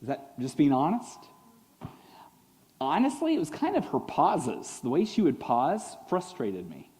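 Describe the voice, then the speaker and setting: A male pastor delivering a sermon with a lively, up-and-down voice pitched a little high. He acts out little quoted voices and swings from loud to hushed. The sound carries a long church-hall reverb. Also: measured pace.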